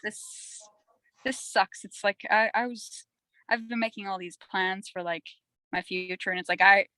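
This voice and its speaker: A woman's voice: mid-range voice, fairly even intonation, moderate pace, sharp tone, clean tone, no echo, poor audio. Young canadian woman rambling on as a podcast guest, chatty and candid, dry close sound. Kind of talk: candid casual conversation.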